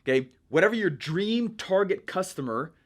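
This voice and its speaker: Energetic man with a higher voice. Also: moderate pace. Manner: energetic, chatty, frequent "right?" check-ins. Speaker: online marketing coach. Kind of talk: casual teaching monologue.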